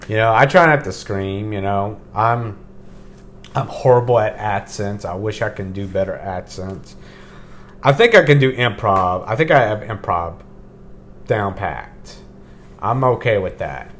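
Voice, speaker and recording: Low-voiced man rambling casually on a podcast. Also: unhurried. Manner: relaxed, rambling, swears casually. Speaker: podcast host. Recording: faint background hiss.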